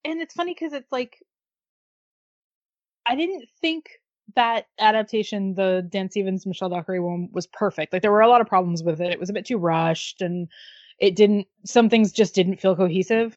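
A woman chatting casually as a podcast co-host, relaxed and agreeable. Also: mid-range voice, moderate pace, no echo. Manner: relaxed, agreeable, many short backchannels. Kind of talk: casual chat about a TV series. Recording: dull lo-fi dry sound.

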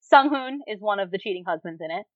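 A woman co-hosting a podcast in casual chat, animated, with lots of fillers and frequent laughter. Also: medium pitch, quick pace, no room sound, narrow, tinny audio. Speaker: podcast co-host reviewing dramas.

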